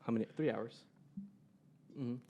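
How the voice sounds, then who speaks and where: A young man chats casually as a podcast co-host. He tells his stories with animation and voices the people in them, his pitch sitting in the middle range. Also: a little slow, creaky, mellow, dull audio. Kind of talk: casual storytelling chat.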